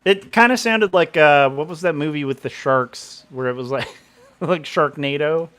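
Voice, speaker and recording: A man's voice: a little high, moderate pace, a bit bright. A middle-aged man hosting a livestream in rambling casual chat, often laughing. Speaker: livestream host.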